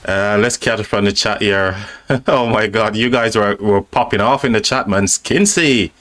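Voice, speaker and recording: A man's voice: lowish voice, moderate pace, a bit bright. A man with a British accent hosting a live stream, chatting casually and reading out viewer comments, friendly and calling people mate and buddy.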